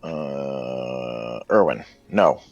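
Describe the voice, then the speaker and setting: A man running a tabletop game as game master, talking in a relaxed, hesitant way with many ums. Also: a bass voice, extremely slow, highs cut off.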